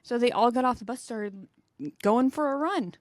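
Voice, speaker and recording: A young adult woman co-hosting a podcast, telling stories in a lively way and laughing as she goes. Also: a little high, moderate pace, no echo. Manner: animated storyteller, laughs mid-sentence. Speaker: podcast co-host. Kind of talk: casual chat.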